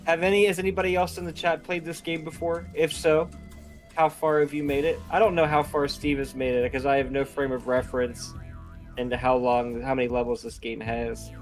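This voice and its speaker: A chatty man with a fairly high voice co-hosts a game stream in an easygoing, joking way. Faint game music plays behind him. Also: level tone, brisk. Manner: joking, chatty, reads chat aloud. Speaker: streamer co-host. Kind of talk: casual stream chat.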